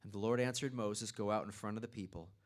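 Low-voiced male pastor preaching a sermon. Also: quick pace. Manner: reads scripture then explains it conversationally, with asides. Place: church.

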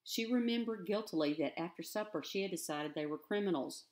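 Woman teacher, reading a novel aloud; expressive, steady, lowish. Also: brisk.

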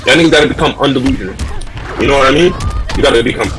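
A man on a headset mic giving loud, heated live commentary on fighting-game matches, shouting often, repeating himself and trash-talking with profanity. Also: medium pitch, fast, music in the background. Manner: loud, excitable trash-talk with frequent shouting.

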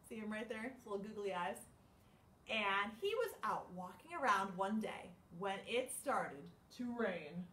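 Young woman librarian, storytime reader, slow sing-song delivery, echoey and distant. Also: mid-range voice. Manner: animated, slow, sing-song reading with gasps. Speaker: children's librarian. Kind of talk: livestreamed children's storytime. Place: library room. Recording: echoey room, mic far off.

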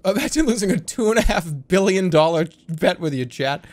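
A man's voice: high-pitched, animated, fairly quick, a little mellow. A man chatting casually on a live stream, giggly and repeatedly breaking into helpless laughter.

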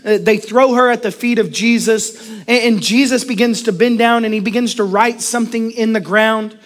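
Male pastor, high voice, animated sermon, acts out little quotes, middle-aged. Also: moderate pace.

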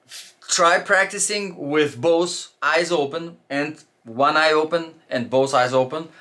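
A man's voice: fairly high pitch, bright, forceful tone. A man giving a casual instructional talk as a shooting instructor, loose and chatty with fillers and restarts.

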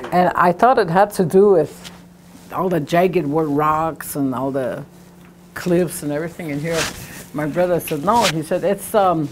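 Low-voiced woman teaching slowly. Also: a little mellow, slight background noise. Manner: patient, repeats sounds slowly to demonstrate. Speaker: language teacher. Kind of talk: classroom lesson.

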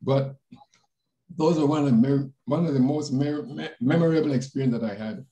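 An older man from the Panama Canal Zone, a panelist telling personal stories in an animated way over a video call. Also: normal speed. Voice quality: animated, jumps in pitch when quoting others. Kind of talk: personal storytelling. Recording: roomy echo.

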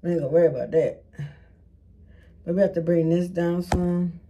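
Woman, mellow voice, casual profane vlog chatter to viewers. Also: on the low side, steady tone, normal speed, muffled recording, faint music behind. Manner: frustrated, profane, talking to viewers. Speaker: beauty vlogger. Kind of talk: casual self-filmed hair vlog.

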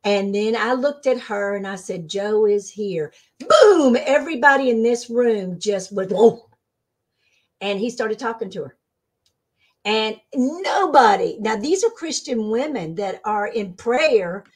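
A woman being interviewed as a spiritual medium, telling stories in a casual, animated way and acting out the voices she quotes. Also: a little slow. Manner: animated, acts out quoted voices with sudden pitch jumps. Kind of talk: casual storytelling.

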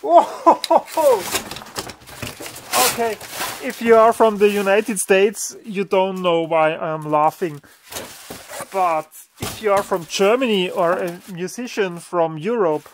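A man's voice: sits high, unhurried, a little hiss or hum. A man hosting a casual unboxing, marveling aloud with exclamations as he presents each item. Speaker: electronics video host.

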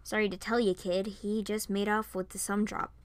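A blunt, gruff young woman of the guard talks down to people with a dismissive edge, as a woman puts her on. The lines come from an amateur storybook reading. The recording is dry and close. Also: medium pitch, flat delivery, normal speed, no echo, lightly acted.

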